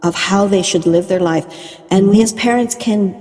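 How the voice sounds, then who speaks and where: A woman hosts a podcast and affirms her guest, reflecting on and summarizing what was said. Her tone is mellow and dark, with a long reverb on the recording. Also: medium pitch, normal speed, soft background music. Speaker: podcast host. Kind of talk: conversational podcast interview.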